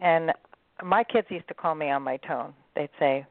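A woman's voice: low voice, normal speed, no echo. A woman hosting a casual chat, speaking frankly and agreeing with her guest. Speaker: host. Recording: dry tinny phone-like line.

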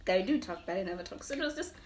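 A young woman in casual conversation, her voice sitting at a middle pitch and bubbling with laughter as she pokes fun at herself. She talks animatedly about her own experiences and sounds lively and unguarded throughout. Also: very fast. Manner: animated, laughs often, self-deprecating. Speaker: podcast guest. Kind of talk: casual interview chat.

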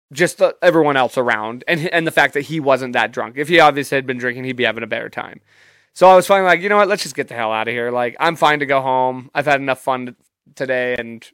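A man's voice: medium pitch, a bit bright, clear, resonant tone, no echo, studio quality. Rambling, profane young man telling a story. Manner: profane, rambling, self-amused. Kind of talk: casual storytelling.

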